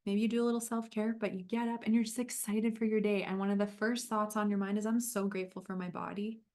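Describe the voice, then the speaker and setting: A woman's voice: mid-range voice, little pitch movement, fast talker, a little mellow. Upbeat woman health coach, encouraging. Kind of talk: livestream sales talk and guided visualization.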